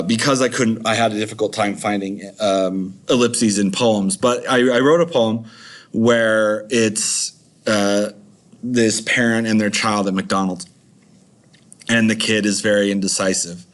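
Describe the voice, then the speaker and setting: A man's voice: fairly low pitch, fairly even intonation, measured pace. A man teaching a recorded video lesson, chatty and rambling with many fillers.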